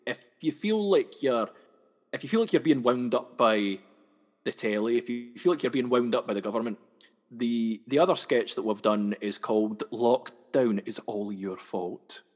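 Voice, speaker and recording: A man's voice: medium pitch, normal speed. A young Scottish man from the West Coast, a sketch comedian chatting as an interview guest, who often repeats words and restarts. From Scotland, West Coast. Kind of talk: casual interview chat. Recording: long hall reverb.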